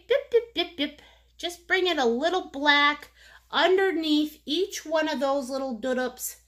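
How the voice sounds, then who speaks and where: A woman's voice: high-pitched, pushed and bright. A woman teaching a live painting lesson, silly and joking, encouraging her viewers and calling them pet names. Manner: chatty, endearing pet names. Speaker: painting instructor.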